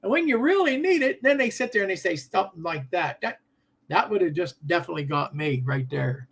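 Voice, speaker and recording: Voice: mid-range voice, expressive, fairly quick, a bit bright, slightly rough. An older host of a live model train show, chatting casually and reacting to viewer comments with frequent laughs. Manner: easygoing, laughs often while talking.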